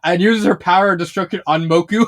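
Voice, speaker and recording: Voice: medium pitch, steady tone, fast talker. A fanfiction reviewer talking casually, rambling with many restarts and fillers and laughing often while retelling scenes.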